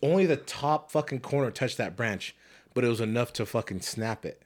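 A man's voice: mid-range voice, expressive, normal speed. A young man on a podcast, casually telling a long profane story with laughing fits. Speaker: podcast host. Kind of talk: casual chat.

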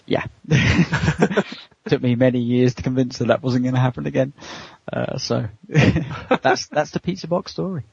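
A man tells a long personal story in a relaxed interview, laughing often and acting out the voices of the people in it. His voice is gravelly and a little husky. The sound is dry and muffled. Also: medium pitch, measured pace, no room sound. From United Kingdom. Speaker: co-host answering interview questions.

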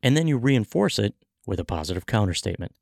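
A man with a gravelly, textured voice talks in an animated way, his pitch swinging up and down as he acts out conversations and coaches his listeners. The sound is close and dry, with no room around it. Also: fast, no room sound. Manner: animated storytelling, acting out dialogue. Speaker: podcast host, sales coach. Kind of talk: motivational podcast talk.

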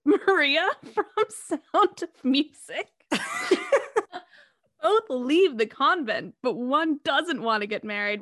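Young woman, podcast co-host, casual and animated; higher voice, close dry mic. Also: no echo. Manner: animated, laughing, acts out her own reactions. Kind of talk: casual chat.

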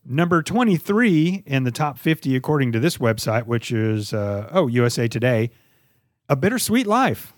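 A middle-aged man chatting casually as a podcast co-host, his pitch swinging widely as he jokes around. The recording is close and dry, with no room sound at all. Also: normal speed, no room sound. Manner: joking, playful, lively delivery. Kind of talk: casual chat.

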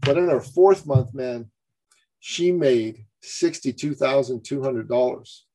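Animated male storyteller, dry close sound. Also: mid-range voice, slow, no echo. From Canada. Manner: animated storyteller, acts out quotes. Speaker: business coach guest. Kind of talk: storytelling in a podcast interview.

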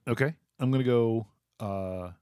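A man's voice: medium pitch, a little slow, dark tone, smooth, no echo, clean studio sound. A man co-hosting a casual sports talk show, loose and joking, often trailing off and restarting.

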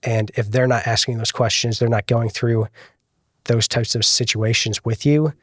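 A man, a guest video producer, explaining things in a relaxed podcast chat with frequent filler words. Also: medium pitch, normal speed, no echo, clean studio sound. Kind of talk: casual podcast interview.

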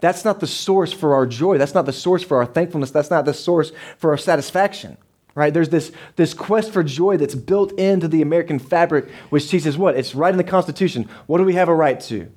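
A man's voice: on the high side, brisk, a little mellow. A man in his thirties, a pastor preaching a sermon in a church, talking casually and turning to the congregation with asides. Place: church sanctuary.

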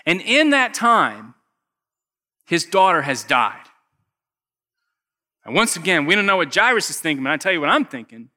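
A male pastor gives a casual, storytelling sermon. His voice is fairly high and bright, and he drops to near-whispers and rises to loud bursts. A long hall reverb trails every phrase. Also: big pitch swings, moderate pace, pauses often. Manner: conversational, acts out characters, wide swings from loud to hushed.

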